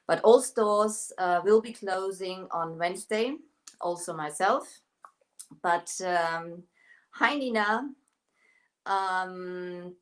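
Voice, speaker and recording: German lady live streaming her painting, chatty and full of ums, kinda low voice. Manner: chatty, hesitant with many fillers, greets viewers. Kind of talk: casual live-stream chat and painting demo.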